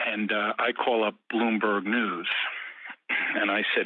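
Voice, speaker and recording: A man calling into a show and talking his way through a long story in a lively way. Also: fairly low pitch, slow pace, breathy edge, dry recording. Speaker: guest. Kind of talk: telling a story. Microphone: phone call. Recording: tinny phone line.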